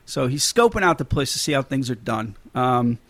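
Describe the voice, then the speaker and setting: A man's voice: medium pitch, big pitch swings, normal speed, a bit bright, dry recording. A man hosting a casual movie podcast, chatty and laughing often, with many fillers and restarts. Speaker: podcast host.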